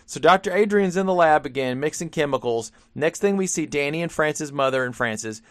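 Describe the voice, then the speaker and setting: A man co-hosting a podcast, retelling a film's plot in a rambling way with quick acted-out quotes. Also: on the high side, expressive, a bit bright, dry recording, clean studio sound. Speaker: podcast co-host. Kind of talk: casual plot recap.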